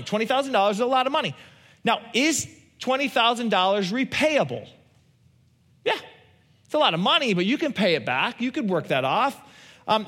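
A man's voice: high-pitched, a bit bright. A pastor preaching a conversational sermon, asking his listeners questions and answering them. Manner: conversational, asks the congregation questions.

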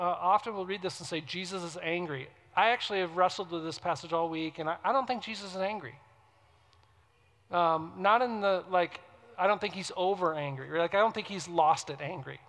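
High-voiced man preaching with emphatic swings. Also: fairly bright tone, long reverb tail. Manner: conversational, emphatic, rises sharply on stressed words. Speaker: pastor. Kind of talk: sermon. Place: church before a congregation.

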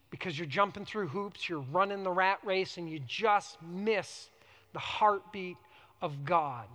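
A man preaching a sermon as pastor, animated, swinging from loud emphasis to hushed, prayerful quiet. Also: high-pitched, long reverb tail.

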